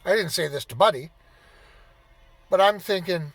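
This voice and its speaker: A man's voice: high voice, normal speed, a bit bright, dry recording. A man in his fifties telling a rambling, profane anecdote in a casual storytelling style. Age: 50s. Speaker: vlogger.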